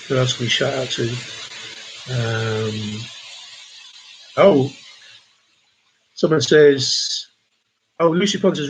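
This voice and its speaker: A man with a husky, slightly rough voice hosts a charity pub quiz over a livestream. He chats easily and reads viewers' messages aloud between questions. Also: medium pitch, expressive, slow, long pauses, rough recording. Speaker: quiz host.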